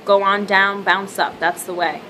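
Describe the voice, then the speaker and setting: A woman reading the lines of a gruff middle-aged male boxing trainer, curt and edgy, with faint hiss behind. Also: mid-range voice, steady tone, measured pace, pushed and bright, poor audio.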